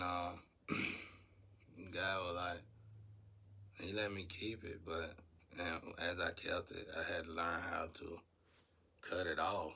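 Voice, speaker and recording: A man with a low, gravelly voice and a bright, forward edge to it talks. He rambles and preaches to his viewers in a loose, unscripted monologue. Faint noise sits behind the recording. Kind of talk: casual spiritual monologue to viewers.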